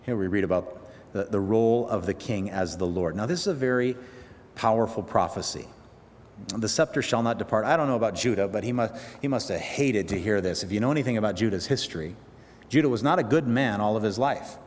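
A man preaching a sermon, retelling a Bible story with animated, halting storytelling that swells loud at the dramatic moments. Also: on the low side. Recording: long hall reverb.

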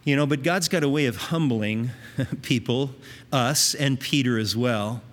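A man's voice: medium pitch, unhurried, in a large hall. A man preaching a sermon, teaching in an earnest, conversational way with emphatic rises.

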